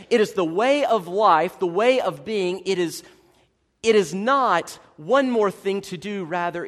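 Male preacher, high-voiced, folksy and humorous, with a long hall echo. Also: a bit bright. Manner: conversational, humorous preaching with asides to the congregation. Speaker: pastor. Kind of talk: sermon. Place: church sanctuary.

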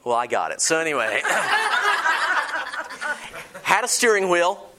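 A man's voice: a little high, very animated, brisk, heavy background noise. Dramatic storytelling male pastor. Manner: dramatic shifts from loud to hushed, storytelling with humor; asks the congregation questions. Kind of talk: sermon.

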